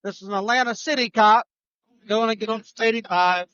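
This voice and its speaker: A man, a trucker co-host telling a road story on a live show, animated and restarting his sentences. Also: sits high, fairly quick, clean tone, no room sound, dull audio.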